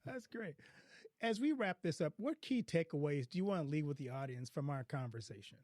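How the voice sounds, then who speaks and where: A man's voice: fairly high pitch, lively intonation, fairly quick, a little mellow, dry recording, clean studio sound. A man hosting a podcast, asking questions and giving short, encouraging responses. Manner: brief, encouraging reactions. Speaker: podcast host. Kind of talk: podcast interview.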